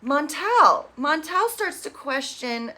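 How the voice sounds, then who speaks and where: Bright, chatty woman recapping TV. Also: mid-range voice, expressive, normal speed. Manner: chatty, sarcastic, mimics people she quotes. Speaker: recap host. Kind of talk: casual TV recap commentary.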